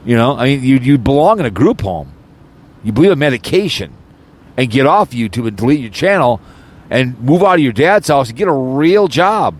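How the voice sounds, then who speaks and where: A man delivers an angry, rambling audio rant with a mid-range voice. He loops back over his words, restarts sentences and slips into mocking sarcasm. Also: mid-range voice. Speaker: channel host. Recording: audio recording, no video.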